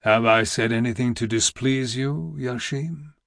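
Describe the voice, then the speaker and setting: A man reading an audiobook, voicing a weary, heavy old vizier who speaks slowly in a deep, rumbling, almost whispered growl. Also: creaky, a bit bright, dry recording, clean studio sound. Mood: grave. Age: older. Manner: slow, grave and weighty.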